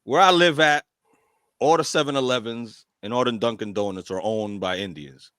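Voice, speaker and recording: A man co-hosting a reaction show, talking casually in lively slang. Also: medium pitch, moderate pace, clean tone, no room sound, studio quality. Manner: lively, slangy, laughs often.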